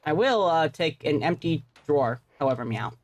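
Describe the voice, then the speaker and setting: A woman's voice: low-pitched, lively intonation, normal speed, slight background noise. A woman streamer giving playful, profane live gameplay commentary, tacking "meow" onto her sentences. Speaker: game streamer.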